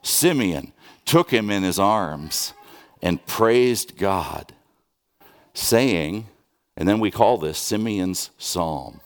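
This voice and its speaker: A man preaching a sermon, conversational with restarts and rhetorical questions, dropping soft and then rising with urgency. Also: low voice, animated, drawn-out words. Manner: swings from soft, hushed lines to raised, urgent questions. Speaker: pastor.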